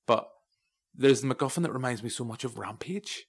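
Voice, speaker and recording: A man's voice: mid-range voice, a little fast, slightly rough. An Irish man hosting a podcast, chatting casually about a film, rambling and wry with many asides. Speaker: podcast host. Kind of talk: casual film review chat.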